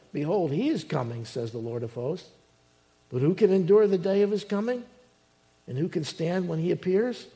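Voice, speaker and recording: A male pastor preaching a sermon, swinging between loud emphasis and quiet asides. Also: fairly high pitch.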